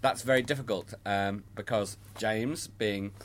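Middle-aged man, animated Santa trainer, theatrical delivery. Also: on the low side, a little slow, a little hiss or hum. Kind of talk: explanatory interview talk.

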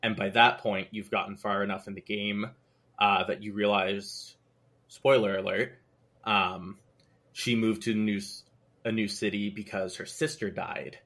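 A man chatting as a podcast guest, recounting a game in a lively way. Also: fairly low pitch, unhurried. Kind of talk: casual chat.

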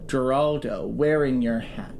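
A man narrating an improvised role-play game as game master, in a playful, animated way. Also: medium pitch, measured pace, gravelly, slight background noise.

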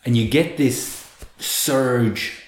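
A man, a guest expert explaining in an earnest, animated way, often restarting with repeated words. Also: mid-range voice, very slow, a little hiss or hum. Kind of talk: conversational explaining. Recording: roomy echo.

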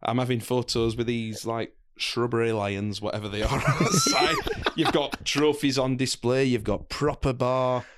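A man's voice: medium pitch, wildly swooping pitch, moderate pace, few pauses. A man with a Yorkshire accent, co-hosting a football podcast in casual chat and laughing often as he tells stories. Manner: laughs often, chatty storytelling. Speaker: podcast co-host.

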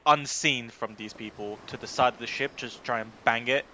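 A man's voice: mid-range voice, steady tone, moderate pace, sharp tone, slight background noise. A man playing a tabletop game, speaking in character and asking rules questions. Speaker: player. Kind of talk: casual role-play chat.

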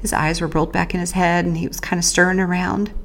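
Low-voiced woman telling her own story. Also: flat delivery, fairly bright tone, slight background noise. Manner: earnest, halting, with pauses and restarts; speaks of faith and prayer. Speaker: podcast host recounting her own survival. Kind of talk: first-person personal storytelling.

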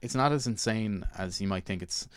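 Chatty guy hosting a movie podcast, low smooth voice, dry close sound. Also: moderate pace, dry recording. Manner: chatty, enthusiastic, full of fillers. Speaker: film podcast host. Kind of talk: casual film review chat.

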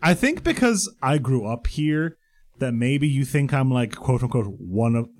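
A man's voice: mid-range voice, animated, a little slow, a little mellow. A man co-hosting a casual podcast chat, speaking in a wry, conversational way. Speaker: podcast co-host.

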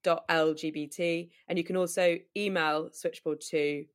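A woman, a podcast guest, giving details in a steady, plain manner. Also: sits low, normal speed, clean tone. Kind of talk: casual interview answer.

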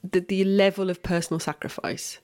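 A woman's voice: mid-range voice, steady tone, brisk, a little mellow. A woman in casual conversation as a podcast co-host, talking earnestly and thinking aloud with frequent restarts.

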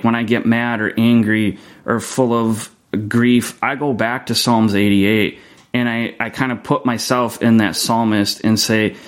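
Guy on a faith podcast, earnest, reads the psalm slow then just talks it through, middle pitch. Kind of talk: reflective faith talk with scripture reading.

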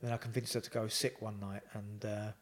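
A man's voice: lowish voice, little pitch movement, brisk. A man telling personal stories in a casual chat, rambling with lots of fillers and quoted dialogue. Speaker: podcast guest. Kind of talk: casual storytelling.

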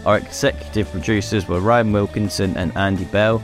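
A man's voice: lowish voice, fairly even intonation, brisk, over music. A man co-hosting a casual podcast chat, easygoing and chummy. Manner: easygoing, says mate and yeah a lot. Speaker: podcast co-host.

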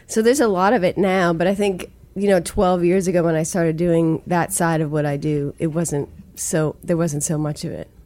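A woman's voice: fairly low pitch, fairly even intonation, normal speed, few pauses, darkish tone, dry recording. A woman in her forties with a Boston accent, a songwriter chatting casually in an interview and laughing often. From Massachusetts. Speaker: songwriter guest.

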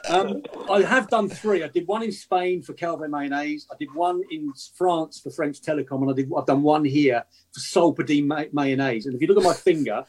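A man's voice: fairly high pitch, moderate pace, low-quality recording. A man, an actor, telling chatty self-deprecating stories as a guest on a casual podcast.

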